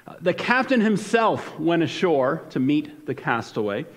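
A pastor giving a conversational sermon with frequent fillers and restarts. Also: male voice, a little high, very animated, unhurried. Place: church sanctuary. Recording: long church hall reverb.

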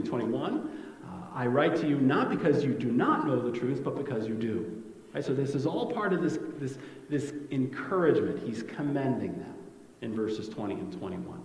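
A man's voice: medium pitch, darkish tone. Conversational male pastor in an echoey hall. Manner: conversational, asks "right?" often. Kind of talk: expository sermon.

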